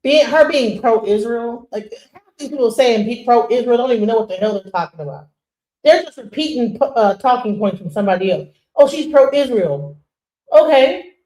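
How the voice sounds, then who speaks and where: A woman hosting a stream, giving casual, animated commentary. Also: fairly high pitch, normal speed, roomy sound, poor audio. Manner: animated, conversational, mocking impressions. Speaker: streamer host.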